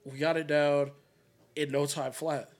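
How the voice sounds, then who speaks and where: Man, podcast host, casual chat, fairly high voice, rambling, lots of fillers. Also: little pitch movement, a little slow. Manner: rambling storyteller with many fillers and restarts.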